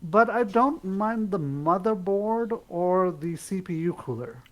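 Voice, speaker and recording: A man co-hosting a podcast, running through news stories in a wry, opinionated, relaxed way. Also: sits high, slow. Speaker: podcast co-host. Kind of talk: casual news chat.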